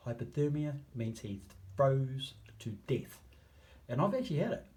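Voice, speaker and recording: A man with a New Zealand accent delivers a passionate appeal straight to his viewers, his voice sitting at an ordinary middle pitch. He slows down to lean on key phrases, then drops to near-hushed asides before building back up. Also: animated. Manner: emphatic, slow drawn-out phrases, swings between loud and hushed. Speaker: campaigner addressing viewers. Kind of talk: impassioned appeal to camera.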